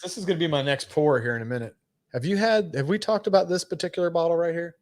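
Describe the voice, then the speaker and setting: A man's voice: on the high side, fast, no echo. A man co-hosting a podcast, chatting casually in a laid-back, rambling way with plenty of fillers and swearing. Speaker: podcast co-host. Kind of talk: casual chat.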